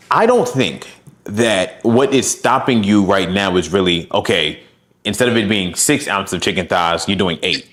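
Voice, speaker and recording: A man's voice: lowish voice, fairly bright tone. A man working as a fitness coach, giving direct, encouraging advice and talking through examples. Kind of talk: coaching session.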